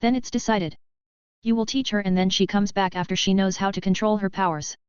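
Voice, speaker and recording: A woman reading the lines of a guarded male professor, in an even, steady synthetic voice, with slightly dull lo-fi audio. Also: medium pitch, a little fast, clean tone, no room sound, natural voice.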